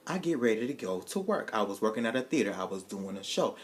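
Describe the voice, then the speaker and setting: A man telling a personal story to his viewers in a casual, profane, animated way, acting out the voices of the people in it and turning to his audience with asides. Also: lowish voice, fast, slight background noise.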